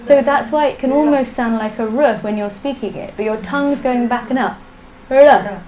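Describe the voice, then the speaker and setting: A woman's voice: fairly high pitch, fairly quick, a little mellow, rough recording. A woman teaching a live online language class, drilling sounds patiently for students to repeat. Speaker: Sanskrit teacher.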